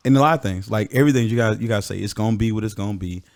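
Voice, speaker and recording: A man's voice: on the low side, very fast, creaky, a little mellow. A man who is a podcast guest, talking casually with emphatic, joking banter. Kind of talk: casual chat.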